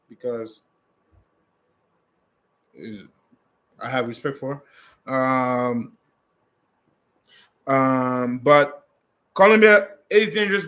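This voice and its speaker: A man's voice: on the high side, fairly bright tone. A man vlogging in a casual, rambling way as he answers viewer questions, talking bluntly with many restarts and fillers. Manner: blunt and direct.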